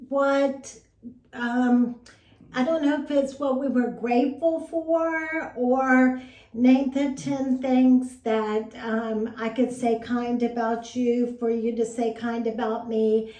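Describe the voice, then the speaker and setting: A woman's voice: a little high, fairly even intonation, slow pace, a little mellow. An older woman co-hosting a podcast in a chatty, easygoing way, laughing easily and repeating herself. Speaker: podcast co-host. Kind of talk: casual chat. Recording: roomy sound from off-mic.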